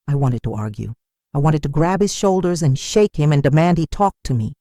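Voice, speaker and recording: A woman narrating a first-person story slowly and in a measured, somber way. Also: sits low, very animated, warm tone, dry recording, studio quality.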